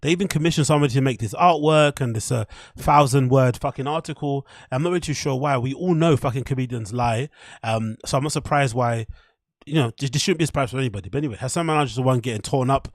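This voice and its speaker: A man's voice: mid-range voice, fast talker, no echo, studio quality. A man, hosting a casual podcast and rambling in a chatty, self-mocking way with lots of swearing. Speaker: podcast host.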